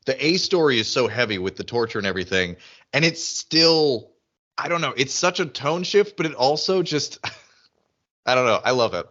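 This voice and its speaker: A man co-hosting a podcast in casual chat, animated and often mimicking characters in high excited voices. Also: moderate pace, lo-fi sound. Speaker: podcast co-host.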